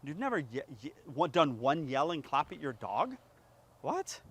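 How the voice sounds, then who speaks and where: A man tells animated stories in a fairly high voice, acting out each scene as he goes. He throws in sound effects and quick little voices for the characters in his stories. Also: breathy edge. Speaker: dog trainer in a played clip. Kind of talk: animated casual storytelling.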